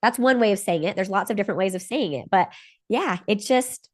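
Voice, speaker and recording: A woman's voice: mid-range voice, animated, brisk. A woman hosting a podcast, enthusiastic and laughing easily, with lots of "like" in her chat. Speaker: podcast host.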